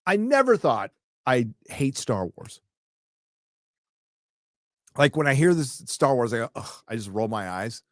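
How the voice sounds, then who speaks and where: A man's voice: mid-range voice, big pitch swings, measured pace, pauses often, dry recording, clean studio sound. A man hosting a casual live stream, reading viewer comments and ranting with lots of swearing and sarcastic asides.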